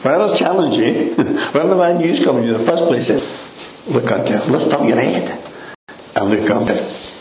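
A man preaching a sermon in a relaxed, conversational way, chuckling often and leaning on "you know" as he speaks to the congregation. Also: on the high side, moderate pace, slight background noise. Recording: echoey room with faint ambience.

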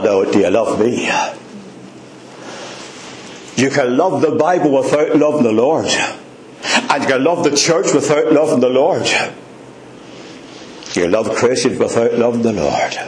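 A man preaches in a slow, deliberate sermon, calling out congregation members by name and hammering points home with repetition. His pitch swoops widely between low murmurs and high peaks. The voice rings through a roomy hall with faint ambience behind it. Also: a little mellow, slight background noise. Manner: fervent, repetitive emphasis. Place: church hall before a congregation.

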